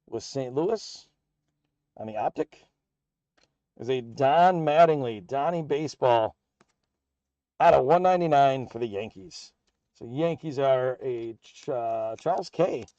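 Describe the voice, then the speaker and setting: A man with an American accent hosts a live card break and rattles off the player and team for each pull in an upbeat, running patter. His voice is mellow and a little dull in tone. It sounds close and dry, with no room around it. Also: medium pitch, no echo.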